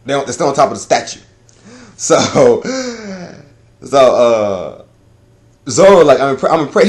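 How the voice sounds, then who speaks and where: Man, casual review, animated, profane, rambling, laughs a lot, lively pitch. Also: slow pace, long pauses. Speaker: anime and manga reviewer.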